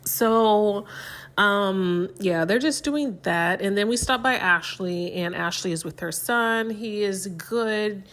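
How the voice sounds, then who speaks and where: A woman's voice: mid-range voice, takes it slowly, fairly bright tone. A young woman recapping a reality show in casual chat, with lots of "um" and "like". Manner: chatty, many fillers like "um" and "like".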